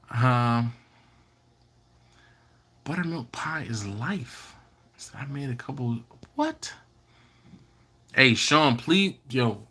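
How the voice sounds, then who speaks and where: Hosting a live barbecue stream, a man with a Maryland accent chats casually, reading out viewer comments and teasing them playfully. His mid-range voice sounds pushed and bright. He is recorded on a computer or phone setup.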